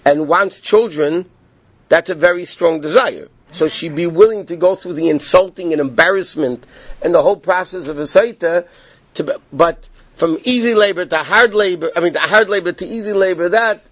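A man with a high voice leads a Torah class, walking through a text one step at a time and checking in with his students. He explains, repeats his points, and asks "okay?" as he goes. The recording is dull, lo-fi and dry, with no echo.

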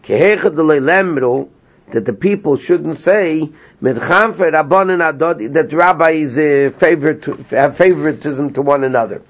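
A man teaching a small class, retelling a story with lively energy and translating as he goes. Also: fairly high pitch, normal speed. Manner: animated storyteller, translating line by line, laughs often. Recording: lo-fi dull sound.

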